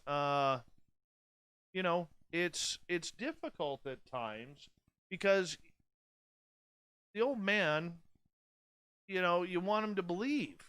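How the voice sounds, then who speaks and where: A man's voice: on the high side, pushed and bright, clean tone, dry recording. A man in his forties hosting a radio show, speaking bluntly and candidly in a casual late-night monologue. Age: 40s. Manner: blunt, candid and profane, with many restarts.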